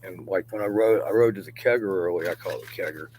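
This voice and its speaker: A middle-aged man with a deep, low voice rambles on in a long profane monologue, chuckling between phrases. He often sinks into mutters and near-whispers. A faint hum sits under the outdoor recording. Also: fast, a little mellow, poor audio. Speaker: vlogger. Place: outdoors in a yard.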